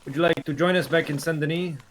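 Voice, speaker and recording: A man role-playing a gang member who gives measured, businesslike instructions. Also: on the high side, fairly even intonation, slight background noise. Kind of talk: in-character role-play.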